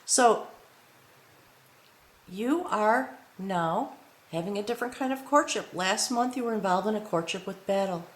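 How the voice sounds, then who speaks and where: A woman's voice: medium pitch, expressive, measured pace, long pauses. Earnest woman tarot reader in echoey room. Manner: earnest, addresses the viewer with frequent "okay?". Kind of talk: spiritual tarot reading to camera. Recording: roomy echo.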